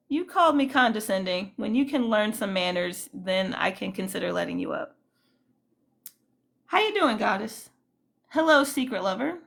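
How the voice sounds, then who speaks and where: A woman's voice: on the high side, gravelly, fairly bright tone. A woman hosting a casual livestream, greeting viewers and giving indignant, rambling commentary full of fillers. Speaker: livestream host.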